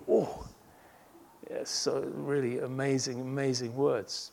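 A man's voice: medium pitch, takes it slowly, vocal fry. A man preaching a sermon as a pastor, earnest and emphatic, building intensity through repeated phrases.

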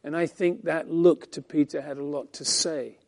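Preaching from the Bible at a moderate pace, this male pastor swings between emphatic lines and near-whispers. His voice is high-pitched yet mellow, with vocal fry, and stays gentle rather than sharp.

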